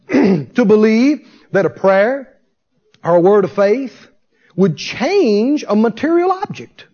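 A man preaching a sermon, animated, with shouts and call-and-response to the congregation. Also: high-pitched, breathy edge, dull audio.

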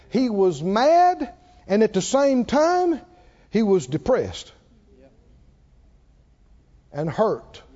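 A man preaching a sermon in a folksy, animated way, asking the congregation questions as he goes. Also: sits high, very slow, pauses often. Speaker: pastor. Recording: dull lo-fi recording.

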